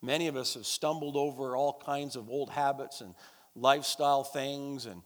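In a church service with long hall reverb, a pastor preaches a sermon and leads prayer. His mid-range voice holds a steady tone at a moderate pace, and he is emphatic and repetitive, calling out to the congregation.

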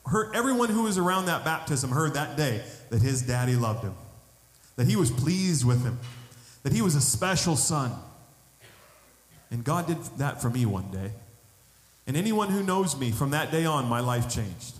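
A man preaching a sermon, telling a personal testimony in an animated storytelling way and building to emphatic appeals. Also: mid-range voice, moderate pace. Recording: echoey hall with long reverb.

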